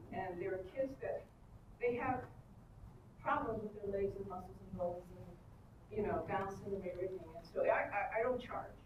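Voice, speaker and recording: An older woman at a convention panel, telling bawdy anecdotes with big laughs and acted-out voices. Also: medium pitch. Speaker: panel guest. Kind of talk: animated storytelling with acted-out voices. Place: convention panel room with audience. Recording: roomy convention hall, distant, crowd noise.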